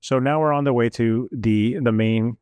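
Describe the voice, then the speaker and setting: A young man recounts a trip in easy, animated chat, his voice sitting in a middle register. He stumbles through fillers and slips into quick impressions of the people he met. The sound is dry and close. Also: mid-range voice, clear, resonant tone, dry recording. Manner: animated, lots of fillers, mimics officials. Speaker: guest telling a travel story. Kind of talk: casual storytelling.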